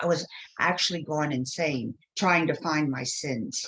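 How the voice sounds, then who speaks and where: Animated lower-voiced woman telling stories. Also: normal speed, rough recording. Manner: animated storytelling with acted quotes. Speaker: guest. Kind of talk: conversational interview.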